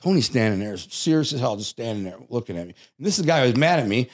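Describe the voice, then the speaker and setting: A man from the Detroit area, a guest telling casual stories, animated and swearing, acting out the voices of people he quotes. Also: medium pitch, fast. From Detroit area, United States. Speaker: interview guest. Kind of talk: casual storytelling.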